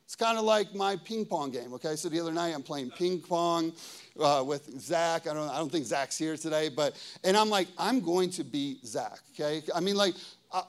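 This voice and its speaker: Lively high-voiced man preaching. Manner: casual, conversational, lots of "okay?" and "right?" checks with the audience; animated storytelling, pitch and volume swinging widely. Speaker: pastor. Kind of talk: sermon.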